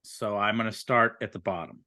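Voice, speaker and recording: A man's voice: lowish voice, fairly even intonation, a little fast, bright, forceful tone. A man co-hosting a podcast in casual chat, easygoing and jokey. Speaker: podcast co-host.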